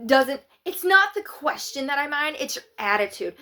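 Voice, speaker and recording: A woman's voice: high voice, lively intonation, moderate pace, hardly any pauses, bright, forceful tone. A woman giving opinionated, sarcastic political commentary in a casual vlog. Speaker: political vlogger.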